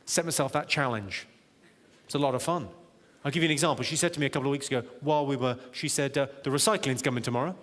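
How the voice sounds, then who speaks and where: A man doing live stand-up comedy in a large auditorium, deadpan and teasing the crowd. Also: medium pitch, fast talker. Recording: echoey live hall, loud audience laughter. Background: audience laughter.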